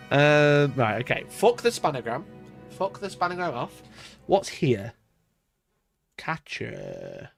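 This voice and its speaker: A man's voice: a little high, huge pitch swings, takes it slowly, gravelly, pauses often, dry recording, soft background music. A man streaming live as he works through a word puzzle. He talks to himself and to his chat, laughs often, mocks himself and swears.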